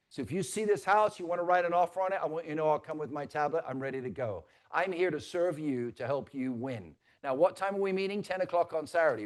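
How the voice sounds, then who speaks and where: A man leading a live real estate training, teasing the audience and swinging between loud and soft. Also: a little high. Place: stage before a live audience.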